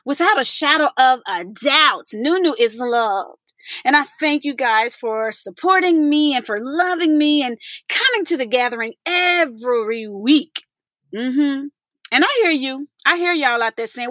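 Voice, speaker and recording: A woman hosts her podcast in an effusive, chatty way, with laughter scattered through her talk. Her voice sits a little high and rings bright. The recording is close and dry. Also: animated, unhurried, dry recording. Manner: effusive, laughing, calls listeners y'all. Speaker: podcast host. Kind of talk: casual podcast chat.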